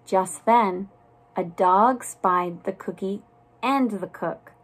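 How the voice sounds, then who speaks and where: A woman reads a children's story aloud at a very slow, careful pace. Her narration is soft and deliberate with a plain mid-range voice. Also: medium pitch. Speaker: storybook reader.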